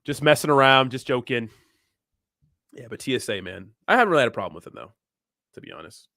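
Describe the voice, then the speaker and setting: A man's voice: medium pitch, very animated, fast, bright, forceful tone, no echo, studio quality. A young man from Southern California hosting a crypto livestream, chatting casually and crudely, joking and laughing as he reads viewer comments.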